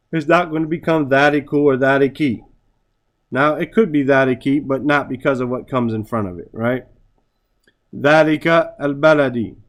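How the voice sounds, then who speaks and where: A man teaching a class on Arabic grammar, reciting Arabic phrases and translating them, often checking in with "right?". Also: mid-range voice. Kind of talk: classroom lesson.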